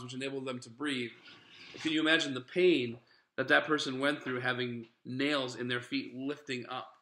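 Brief: bright-voiced male pastor, casual earnest sermon, echoey church. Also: a little high, a little hiss or hum. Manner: earnest, conversational preaching with asides to listeners. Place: church sanctuary.

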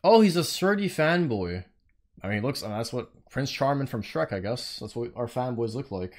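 A young man on a live game stream, venting with blunt profanity. His pitch sits mid-range but jumps sharply up and down, and he goes from muttering to yelling in a heartbeat. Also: lively intonation, normal speed. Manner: profane, indignant ranting, bursts into yelling.

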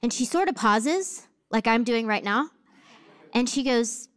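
A woman in her thirties, a pastor, giving a sermon with animated, funny storytelling on a church stage. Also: a little high, measured pace, smooth. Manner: animated storytelling with comic asides.

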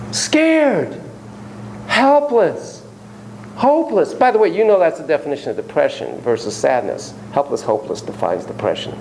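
Animated, profane male psychotherapy lecturer. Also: a little high, a little hiss or hum, poor audio. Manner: animated, profane, storytelling with acted voices. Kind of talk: university lecture. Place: lecture room.

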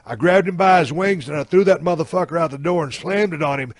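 A man's voice: on the high side, fast talker, no room sound, studio quality. Brash man telling a tall tale. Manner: brash and swearing, with drawled emphasis. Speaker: podcast host. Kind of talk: profane comic storytelling. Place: camper trailer.

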